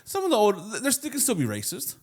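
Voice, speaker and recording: A man co-hosting a casual podcast, chiming in with quick comments, frequent laughs and filler words. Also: extremely high pitch, huge pitch swings. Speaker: podcast co-host. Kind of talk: casual chat.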